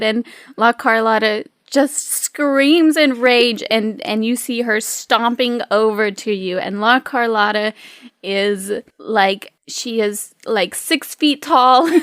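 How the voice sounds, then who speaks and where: A woman's voice: a little high, no room sound, clean studio sound. A woman narrating a tabletop game as game master, casual and giggly.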